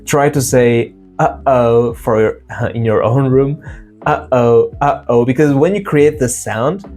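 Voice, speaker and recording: A man giving a casual pronunciation lesson, explaining sounds and slowly repeating example words to demonstrate them. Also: mid-range voice, a little mellow, soft background music. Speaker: English pronunciation teacher.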